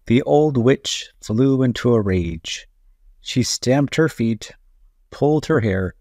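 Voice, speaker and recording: A man narrating a children's story aloud, gentle and deliberate. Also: fairly low pitch, breathy edge, no room sound, studio quality.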